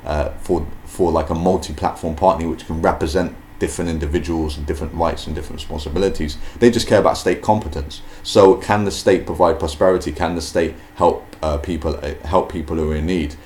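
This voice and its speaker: A man with an extremely deep, low voice talks through ideas in an unscripted, thinking-aloud way. He hesitates often, with fillers and restarted phrases. A faint noise sits under the recording. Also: brisk, few pauses, darkish tone. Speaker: video host. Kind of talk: casual spoken commentary.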